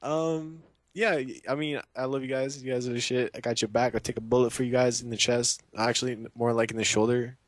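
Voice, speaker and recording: A man's voice: mid-range voice, fairly even intonation, fairly quick, hardly any pauses, no echo. A young man in casual chat as a guest, rambling and hesitant with many fillers.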